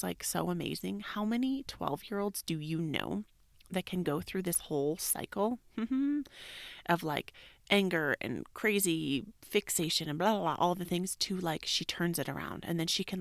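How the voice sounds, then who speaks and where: Woman podcast host in her 30s or 40s, low gravelly voice, candid and casual, with whispered asides. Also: moderate pace, no echo, clean studio sound. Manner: candid and loose, drops into soft whispered asides, swears casually. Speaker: podcast host, yoga teacher. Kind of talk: casual reflective monologue.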